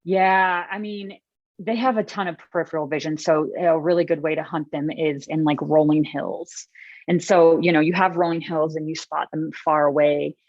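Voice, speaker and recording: Interview guest: woman, very low voice, chatty storyteller with lots of fillers, dry dull remote audio. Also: steady tone, moderate pace, a little mellow, no echo. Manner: chatty, many fillers, gets emotional when telling stories. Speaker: podcast guest.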